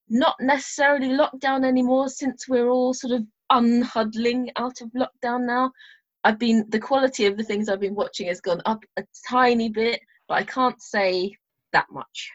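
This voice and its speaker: A woman co-host with a fairly high voice trades light jokes. Her sound comes through a dull, lo-fi video call. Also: fairly bright tone. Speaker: radio co-host. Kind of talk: casual radio chat.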